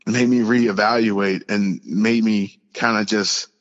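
Earnest low-voiced man telling his story. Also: fairly even intonation. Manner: earnest, halting, many fillers and restarts. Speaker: podcast guest, pro football player. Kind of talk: personal storytelling in interview. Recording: lo-fi with long reverb.

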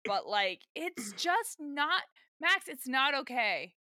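A woman co-hosting a casual rewatch podcast, animated and exasperated, swearing casually as she chats. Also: sits high, slow, no echo, clean studio sound. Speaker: podcast co-host.

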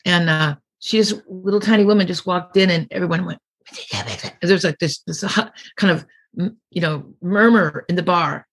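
A woman's voice: lowish voice, moderate pace, breathy edge. A middle-aged woman comedian being interviewed, telling rambling anecdotes and acting out the people she quotes. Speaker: comedian guest. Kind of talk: casual storytelling interview.

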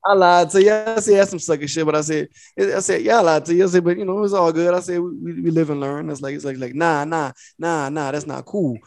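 A man's voice: on the high side, quick pace, gravelly, few pauses, a little mellow, no room sound, studio quality. A young man co-hosting a podcast, telling a profane story and acting out both sides of it. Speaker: podcast co-host. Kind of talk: casual storytelling.

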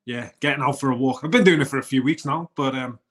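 A British man co-hosts a casual morning wellness show, chatting earnestly and rambling with plenty of restarts. His voice is medium-pitched, fairly bright, and quick.

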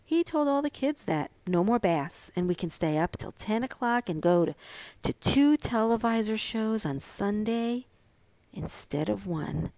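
A woman voicing an excitable, scheming little girl who talks eagerly and a bit whiny in a storybook reading. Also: medium pitch, a little slow, no echo. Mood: excited.

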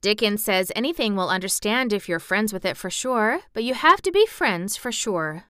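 A frank, insistent little girl from a storybook, put on by a woman reading aloud. She sounds earnest and sour-tempered, with a bright, crystal-clear tone. The voice sits close and dry. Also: medium pitch, animated, normal speed, dry recording, close to an everyday voice.

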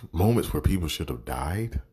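A man's voice: deep voice, expressive, unhurried, dark tone, breathy edge. A man giving a casual, profane movie review, exasperated and sarcastic, swearing constantly.

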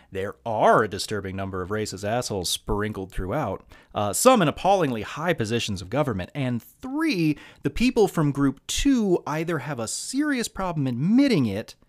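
Man, slight Southern US accent, podcast host, casual monologue, sardonic, candid, lots of ums, animated pitch. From American South. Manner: frequent ums and trailing asides.

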